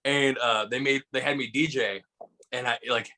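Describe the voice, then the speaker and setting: A comedian from Michigan telling stories in a casual chat, rambling with lots of restarts and fillers. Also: male voice, mid-range voice, steady tone, normal speed, bright, forceful tone. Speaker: guest comedian.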